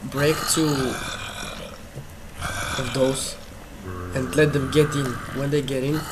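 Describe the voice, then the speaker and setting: A man chatting over a friend's gameplay, offering short tips and dry teasing remarks. He speaks at a slow pace at a middle pitch. Steady background noise hangs under his voice. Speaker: friend giving advice. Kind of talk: casual gameplay chat.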